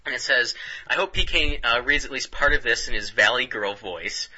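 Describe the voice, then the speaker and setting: A man's voice: mid-range voice, moderate pace, sharp tone, muffled recording. A man co-hosting a comedy podcast, rambling in casual banter with frequent laughs and restarts. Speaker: podcast co-host.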